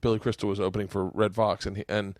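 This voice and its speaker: A man hosting a podcast, telling comedy stories in animated casual chat, swearing and acting out voices and band sounds. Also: on the low side, fast, no room sound, studio quality. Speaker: podcast host.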